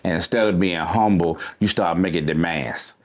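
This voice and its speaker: A man's voice: low voice, moderate pace. A man co-hosting a casual comedy podcast, ranting bluntly with swearing, telling other men to be humble. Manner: blunt, preachy rant, swearing. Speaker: podcast co-host.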